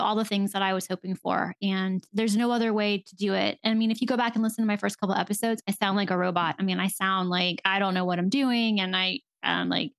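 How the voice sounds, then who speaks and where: A woman's voice: medium pitch, creaky, no echo. A woman therapist talking candidly as a podcast guest, chatty and full of fillers. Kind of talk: casual conversational interview.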